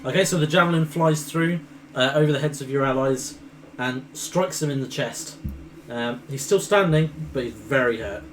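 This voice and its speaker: A man's voice: medium pitch, moderate pace, soft background music, poor audio. Patient man running a tabletop game. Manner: patient, explains rules step by step. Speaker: game master.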